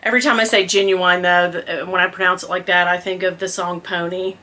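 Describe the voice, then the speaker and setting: A middle-aged woman vlogger in a casual unboxing chat, gushing and excitable, calling her viewers "girl" and dropping into whispered asides. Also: fairly low pitch, moderate pace.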